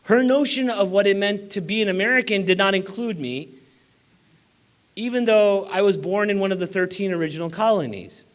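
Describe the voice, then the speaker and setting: A man's voice: high-pitched, normal speed. A man giving a banquet keynote speech in a room of about four hundred people, urging the audience on with emphatic, exhorting delivery. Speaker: keynote speaker.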